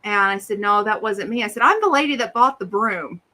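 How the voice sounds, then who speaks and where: A woman's voice: mid-range voice, a little fast. A middle-aged woman co-hosting a casual chat, telling funny stories and acting out the people in them. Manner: animated, acts out quoted voices. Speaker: podcast co-host.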